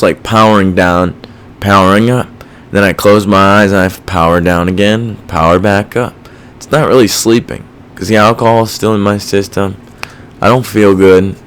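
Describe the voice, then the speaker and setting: Low-voiced rambling young man. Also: slight background noise. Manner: rambling, profane, self-reflective. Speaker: podcast host. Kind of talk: casual solo podcast chat.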